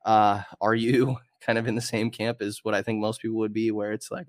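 Congested low-voiced podcast host man. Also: a little fast, no room sound, studio quality. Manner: relaxed, conversational, with fillers. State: congested, slightly nasal. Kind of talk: casual sports podcast chat.

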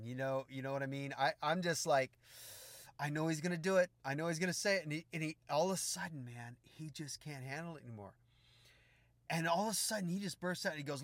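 A middle-aged man preaching, telling a funny story in an animated, humorous way. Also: on the high side, quick pace, dry recording. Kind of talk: storytelling sermon.

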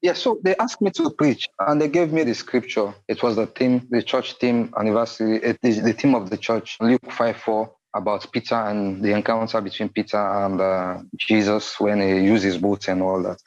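A man's voice: lowish voice, moderate pace, hardly any pauses, highs cut off. A man sharing his testimony in casual conversation, earnest, acting out the dialogue he recalls. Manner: earnest storytelling, quotes dialogue, laughs often. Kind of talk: casual faith testimony chat.

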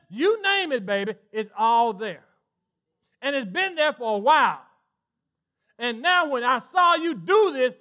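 A male pastor with a Southern US accent, preaching an animated sermon and acting out voices in call-and-response style. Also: extremely high pitch. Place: church sanctuary with congregation.

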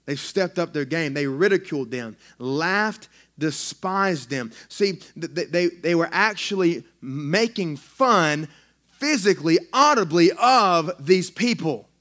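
A man, a pastor preaching a sermon in a church in an excitable, conversational way with frequent restarts. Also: on the high side, slow. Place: church sanctuary.

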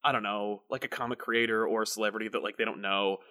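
A man hosting a casual chat, telling animated stories full of swearing and acted-out voices. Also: quick pace. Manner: animated storyteller, swears, acts out voices with big pitch jumps. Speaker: podcast host.

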